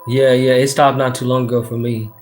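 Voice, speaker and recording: On his livestream, a tarot reader from Texas chats casually in a flat, brisk, mid-range voice while faint music plays underneath. He swears without restraint, uses slang, reads comments aloud and gives frequent shout-outs.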